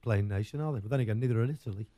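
A man's voice: fairly low pitch, racing, dark tone, no echo. An English man hosting a radio show, chatting casually with rambling, jokey banter.

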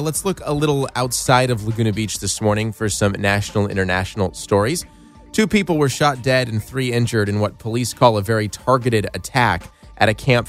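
A man hosting a radio morning show, reading news in a measured way and joking easily with his co-hosts. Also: on the low side. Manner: measured newsreader delivery that gives way to easy laughter.

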